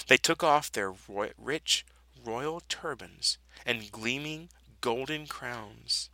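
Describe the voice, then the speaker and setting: A man reads a children's Bible story aloud, taking his time and letting his voice rise and fall widely for drama. His tone is very bright and sharp, and the recording is close and dry with no room sound. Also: medium pitch, no echo, low-quality recording. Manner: expressive, dramatic storybook delivery. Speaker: storybook reader.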